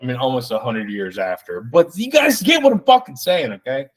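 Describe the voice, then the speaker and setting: Tipsy male podcaster, ranting solo, swears freely, loose and jokey, average pitch. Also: animated, brisk. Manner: rambling, profane, jokey. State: tipsy from drinking beer. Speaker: podcast host. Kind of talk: solo casual podcast rant.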